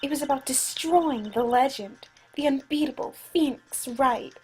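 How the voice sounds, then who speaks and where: A woman voicing a scheming young female card-sharp who gives cool, matter-of-fact testimony in a game dub. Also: high voice, a little slow, poor audio. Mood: smug.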